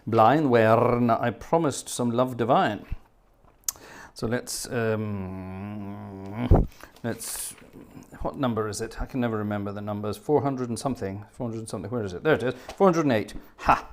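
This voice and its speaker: A man's voice: fairly low pitch, moderate pace, slight background noise. A man in his fifties hosting a live stream as an organist, chatting casually and reading out viewer messages with wry, rambling asides. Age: 50s. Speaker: livestream host and organist.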